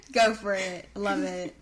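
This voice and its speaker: A woman's voice: medium pitch, background noise. A woman co-hosting a podcast, recapping a cartoon in chatty, giggly casual talk. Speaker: podcast co-host.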